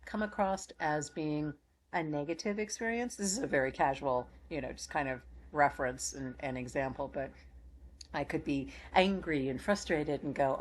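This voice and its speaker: Casting note: middle-aged woman with a low voice, card reader, soft and affirming, blessing her listeners over and over. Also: normal speed, a little hiss or hum. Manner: gentle, affirming, repetitive blessings. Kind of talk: spiritual channel closing talk.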